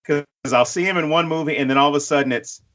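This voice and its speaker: A man co-hosting a podcast, telling stories in a profane, animated way and acting out quotes. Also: a little high, fast. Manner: acts out quotes in other voices. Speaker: podcast co-host. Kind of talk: casual chat.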